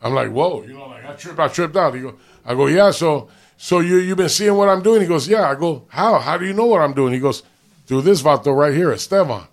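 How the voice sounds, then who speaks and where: A man's voice: a little high, expressive, a little fast. A man from Los Angeles telling a story in casual, profane street slang, rambling with restarts. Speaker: podcast co-host.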